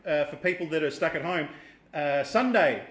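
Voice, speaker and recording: A man with a slightly raised voice co-hosts a relaxed podcast. He pauses often and fills gaps with "uh," and the room gives his voice a noticeable echo. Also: on the high side. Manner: hesitant, many fillers. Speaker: podcast co-host. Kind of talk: casual chat. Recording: roomy echo.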